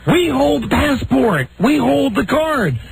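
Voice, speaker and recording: A man's voice: extremely high pitch, very animated, slow pace, gravelly, noisy background. A man hosting a talk radio show, telling an exasperated story and acting out the people in it.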